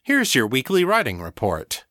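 Lively man reading a podcast outro. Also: medium pitch, moderate pace, dry recording, clean studio sound. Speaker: podcast host. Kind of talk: scripted show outro.

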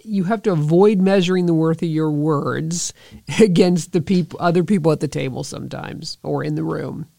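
A woman hosting a podcast, speaking to her listeners in an earnest, encouraging monologue full of rhetorical questions, slowing down to stress key points. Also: deep voice, vocal fry, warm tone, no room sound, studio quality. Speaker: podcast host.

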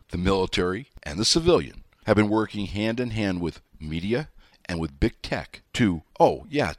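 Man, middle-aged, talk show host, emphatic monologue, lively pitch, dry recording. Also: dry recording. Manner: emphatic, sarcastic asides, spells out words.

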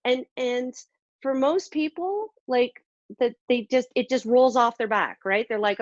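A woman's voice: a little high, expressive, measured pace, dry recording. Rambling, self-deprecating woman, muffled and dry. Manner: rambling, self-deprecating, many fillers and restarts. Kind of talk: casual conversational storytelling.

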